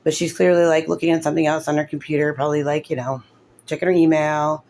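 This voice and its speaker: A mother caught up in a custody case airs her grievances in an emotional vlog, upset, tearful, and rambling, with lots of fillers. Her voice is low and level, quick-paced, with a darkish tone.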